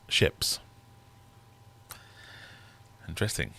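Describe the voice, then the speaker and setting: A man's voice: deep voice, lively intonation, moderate pace, a bit bright, no room sound. A man hosting a live-stream quiz from his fish room, chatty and teasing his viewers. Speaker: livestream host running a quiz. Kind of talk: casual live-stream chat.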